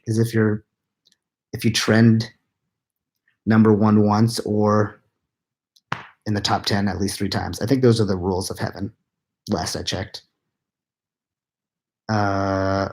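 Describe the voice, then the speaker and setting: A tired man, probably in his thirties, answers live chat questions into a laptop at home late at night. He keeps his lowish voice hushed, half-whispering and rambling with quiet, self-mocking laughs. It's recorded on the laptop mic.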